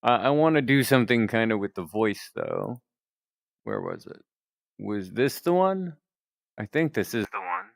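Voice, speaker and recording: A man's voice: mid-range voice, huge pitch swings, unhurried, gravelly, dry recording. A man streaming a game and chatting playfully with his viewers, calling them folks. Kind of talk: casual game-streaming chat.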